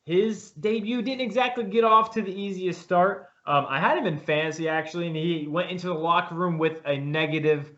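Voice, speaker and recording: A man co-hosts a casual sports podcast, talking emphatically and rambling with frequent restarts. His voice is high, steady and fairly bright, and he speaks briskly with hardly any pauses. The sound is dull and lo-fi.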